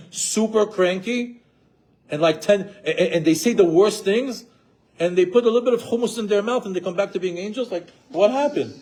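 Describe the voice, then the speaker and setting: Middle-aged male teacher, animated lecture delivery, slightly high, warm mellow tone. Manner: animated, rhetorical questions, acts out quoted spouses. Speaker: Torah teacher. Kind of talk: marriage class lecture.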